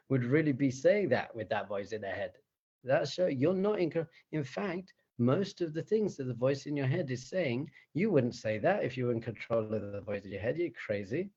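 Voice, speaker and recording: Chuckling often, a rabbi leads a meditation lesson with animated, chatty energy and rhetorical questions for his audience. His mid-pitched voice has a breathy edge, captured in a slightly dull, lo-fi recording.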